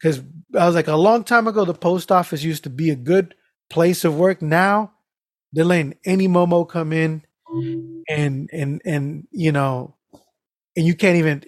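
A man on a casual podcast, telling animated stories with lots of swearing and laughter. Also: a little high, moderate pace, creaky, no echo, studio quality. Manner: animated storytelling, heavy swearing, frequent laughs. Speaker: podcast co-host.

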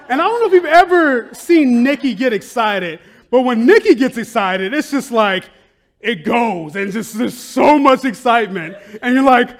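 A man pastor preaching a sermon in a conversational, animated way, laughing often and tossing in "right?" and "like". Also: very high voice, normal speed. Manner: animated, bursts into loud excited outcries, laughs often.

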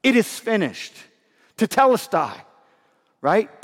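Man preaching, high-pitched voice, emphatic and conversational, hoarse and winded, echoing hall. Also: lively intonation, measured pace. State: losing his voice, winded. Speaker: pastor. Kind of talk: sermon.

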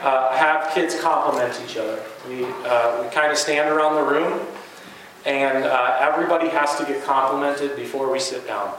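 A man's voice: mid-range voice, fairly even intonation, moderate pace, a bit bright, a little hiss or hum. A man who teaches and coaches basketball, giving an earnest, conversational talk to fellow educators with plenty of fillers and restarts. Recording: very echoey room with faint ambience.

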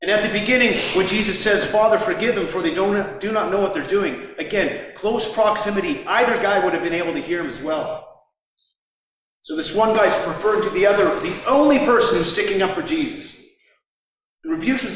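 High-voiced preacher in an echoing hall. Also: male voice, brisk, a bit bright. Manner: acts out the mockers' voices with sarcasm. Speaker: pastor. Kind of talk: sermon. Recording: distant mic in a reverberant hall.

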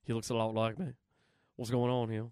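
A man doing a low drawling aging rock king. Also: completely flat delivery, fairly quick, darkish tone, smooth, no echo, clean studio sound, close to an everyday voice. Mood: puzzled. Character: aging male rock-and-roll king, drawling and laid-back.

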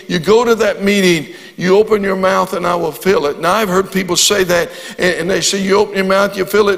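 High-voiced older man preaching in a reverberant hall. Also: creaky, a bit bright. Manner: storytelling, rises to fervent prayer. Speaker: guest preacher. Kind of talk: sermon. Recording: long reverb of a large hall.

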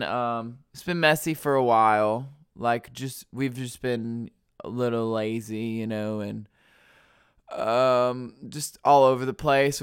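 A man's voice: medium pitch, smooth, dry recording, clean studio sound. A man with a stuffy nose hosting his podcast alone, rambling in casual chat full of fillers. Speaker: podcast host.

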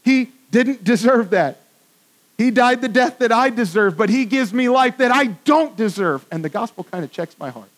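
High-voiced man preaching a sermon. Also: lively intonation, moderate pace, rough recording. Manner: conversational, swings from hushed to emphatic. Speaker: pastor. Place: church with congregation.

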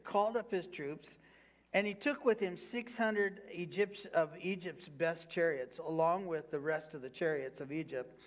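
A man with a high-pitched voice preaches to his congregation. He reads scripture aloud and then presses its point with fervent repetition, calling on the listeners to say lines back to him. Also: fairly bright tone. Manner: preaching with call-and-response prompts to the congregation. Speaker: pastor. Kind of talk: sermon.

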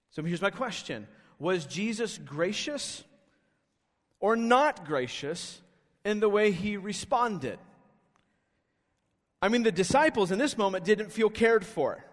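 High-voiced pastor preaching in a hall. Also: male voice, expressive, takes it slowly. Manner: emphatic, rhetorical questioning. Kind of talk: sermon. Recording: long reverb of a hall.

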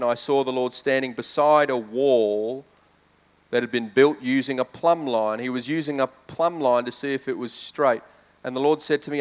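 A man, a pastor with children, preaching a sermon in a conversational way that builds to fervent emphasis. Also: mid-range voice. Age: adult with children.

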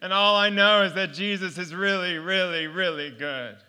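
A man shares a heartfelt personal testimony as a sermon, telling it in an animated storytelling way. His voice is fairly high and very bright. It sounds smooth and clear throughout. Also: moderate pace. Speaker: preacher giving a testimony.

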